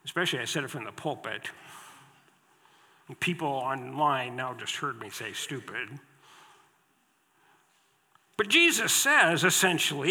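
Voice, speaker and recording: A male pastor delivers a sermon in a bright, high voice, unhurried and emphatic as he drives home repeated phrases. His words ring out with a long reverb from the church sanctuary.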